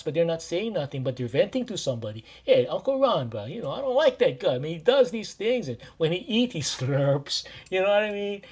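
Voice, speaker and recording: A man from Maui with a Hawaiian Pidgin-tinged accent, a life coach talking casually and directly to his listeners. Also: a little high. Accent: Hawaiian Pidgin-tinged English. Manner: warm, repetitive, addresses listeners directly. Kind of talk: casual direct-to-camera talk.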